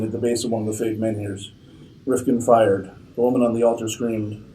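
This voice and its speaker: A man, an author, reading his own fiction aloud at a convention in a steady narrating manner. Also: medium pitch, a little hiss or hum, rough recording.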